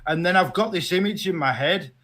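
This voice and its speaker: Man, high voice, animated and playfully dramatic, casual watchalong chat. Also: fairly quick. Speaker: guest fantasy football creator.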